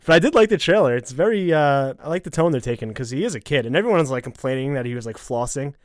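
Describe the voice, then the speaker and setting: A man's voice: mid-range voice, expressive, fast, no room sound, studio quality. A man co-hosting a podcast in casual chat, sarcastic and joking. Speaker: podcast co-host.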